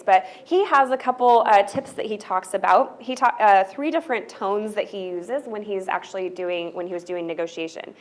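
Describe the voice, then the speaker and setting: Woman trainer, easygoing workshop delivery, middle-pitched, lots of "right?" tags. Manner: conversational, often checks in with "right?"; loose, filler-heavy delivery with restarts. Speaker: workshop presenter. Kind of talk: college staff training talk.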